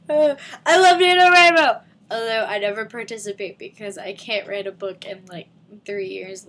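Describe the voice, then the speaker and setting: A seventeen-year-old girl rambling and giggling in an excited fan vlog from her living room. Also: medium pitch, a little hiss or hum. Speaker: vlogger.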